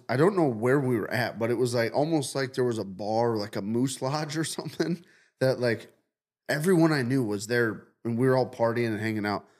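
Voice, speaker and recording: A man's voice: medium pitch, a little mellow. Male co-host, casual, rambling profane storyteller. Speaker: podcast co-host. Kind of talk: casual chat, telling a dream story.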